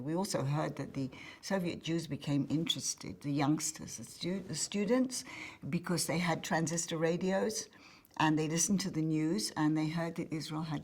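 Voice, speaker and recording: A woman, a lively storyteller who acts out the dialogue she quotes in an interview. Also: low-pitched. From England. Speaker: interviewee, former activist. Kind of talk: recollecting interview answers.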